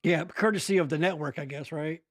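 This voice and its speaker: A man's voice: on the high side, brisk. A man hosting a podcast in casual chat, joking and cursing freely. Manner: joking, profane, animated. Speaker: podcast host.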